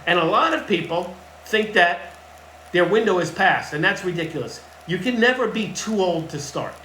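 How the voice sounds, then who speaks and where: Blunt male fitness coach who hammers home his points, a little higher-pitched, recorded in a roomy space. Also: lively intonation, normal speed, sharp tone, a little hiss or hum. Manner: blunt, emphatic, repeats key points. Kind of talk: casual advice talk to camera. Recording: echoey room with faint ambience.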